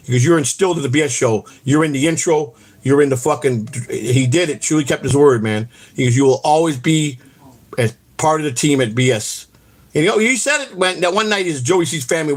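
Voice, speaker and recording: Casting: fast-paced male host, rambling and profane storyteller. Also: mid-range voice. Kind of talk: casual rambling livestream chat.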